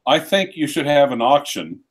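A man's voice: a little high, sing-song, moderate pace. A man hosting a casual live stream chat, rambling and restarting his sentences while reading viewer comments.

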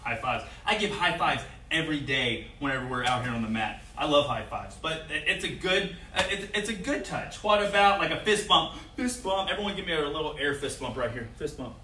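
A young man teaching children a safety lesson as a martial arts instructor, coaching energetically and shouting out example phrases for them to repeat. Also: a little high, lively intonation, fairly quick, hardly any pauses, echoey room, far from the mic, a little hiss or hum.

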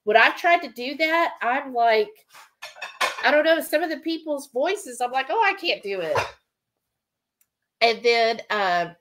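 A woman's voice: high voice, expressive, measured pace, noisy background. A woman hosting a cooking livestream, chatting casually and reading viewer comments aloud.

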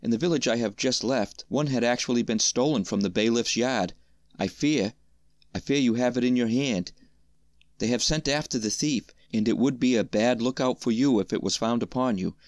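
A man voicing a sly, cautious peasant in a storybook reading, speaking in a hushed, confiding way. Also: medium pitch, normal speed, no echo, clean studio sound, lightly acted.

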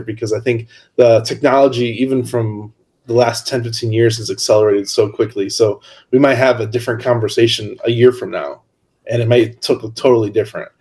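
A man's voice: medium pitch, a little mellow. A man hosting a podcast who reacts to his guest with enthusiasm and wraps up the episode. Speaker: podcast host. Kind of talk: casual podcast interview.

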